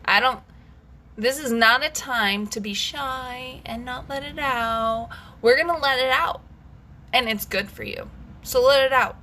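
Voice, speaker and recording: A woman's voice: sits high, measured pace, sharp tone, a little hiss or hum. A woman leading a guided scream and breathwork session, intense and emphatic, swearing freely as she urges listeners to let their anger out. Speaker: breathwork coach.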